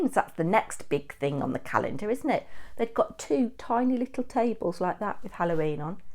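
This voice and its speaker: A middle-aged woman from England, chatting and telling stories in a vlog update, animated and ranting at times. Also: mid-range voice. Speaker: craft vlogger.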